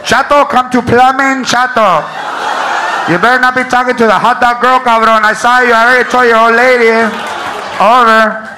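A man puts on a rowdy male store announcer who bellows brash banter. The voice is high for a man. A live crowd and steady noise sit behind it. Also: normal speed.

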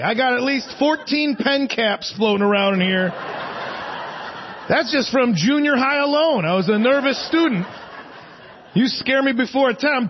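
Stand-up comic in his forties, high voice, rambling and self-mocking, dull lo-fi live theater recording. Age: 40s. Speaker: stand-up comedian. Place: theater stage. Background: audience laughter.

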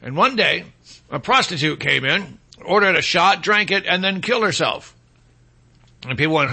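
A man's voice: sits high, animated, moderate pace, gravelly, pauses often, sharp tone, slightly rough. A man hosting a talk radio show, delivering an opinionated monologue in a sarcastic tone and mocking people with put-on voices.

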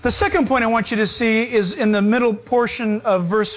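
A man preaching a sermon to his congregation, emphatic and slowing down to stress his points. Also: extremely high pitch, fairly even intonation. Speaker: pastor.

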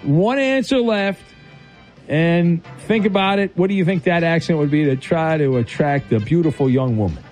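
A man's voice: on the high side, animated, moderate pace, darkish tone, soft background music. A man hosting a radio call-in game show in a casual, rambling way, with many fillers and restarts.

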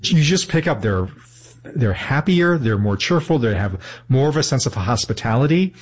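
A man's voice: mid-range voice, expressive, moderate pace. Earnest thoughtful man explaining. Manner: thoughtful, restarts mid-sentence. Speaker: interview guest.

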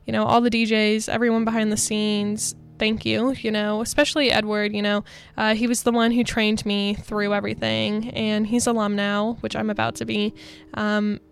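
A woman's voice: medium pitch, level tone, moderate pace, creaky. A young woman, a college radio DJ, giving rambling, earnest on-air thank-yous full of fillers into a studio microphone. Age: young adult.

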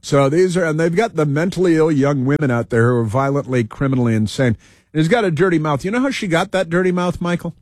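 A man's voice: fairly high pitch, fast talker, darkish tone, no room sound, clean studio sound. A man hosting a talk radio show, giving sarcastic, combative commentary over news clips and repeating phrases for emphasis.

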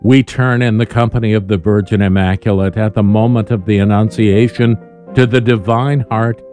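A man giving a calm, measured scripted devotional reading as host of a daily prayer program. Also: on the low side, soft background music.

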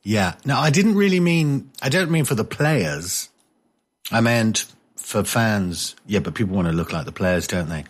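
A man's voice: lowish voice, big pitch swings, measured pace, breathy edge. A man hosting a talk radio show, chatting casually with a rambling, jokey manner and many hesitations.

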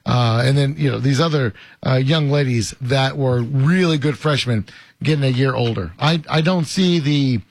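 A man's voice: medium pitch, moderate pace, no room sound. A man from hosting a casual sports talk show, chatting with many fillers and emphatic repeats. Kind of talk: casual sports radio chat.

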